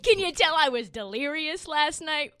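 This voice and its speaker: A woman's voice: sits high, lively intonation, normal speed, background noise. A woman hosting a casual sports podcast, brash and playful, boasting and laughing often. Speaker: podcast host.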